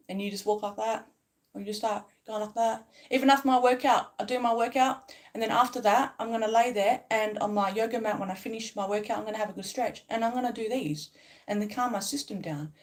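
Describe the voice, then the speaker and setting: Woman giving a swearing spiritual pep talk. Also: medium pitch. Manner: emphatic, repetitive, swears casually. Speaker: spiritual vlogger.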